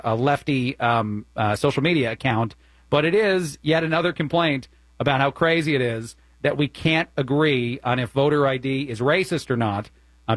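A man's voice: fairly high pitch, fairly bright tone, no room sound. A man with a New Jersey accent, a fill-in radio host giving opinionated, conversational commentary with plenty of fillers.

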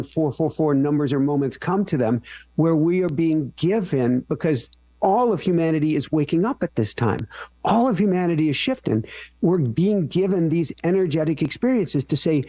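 A man's voice: on the high side, warm tone, no echo. A man who is a guest on a radio talk show, speaking in an earnest, teacherly way. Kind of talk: radio interview.

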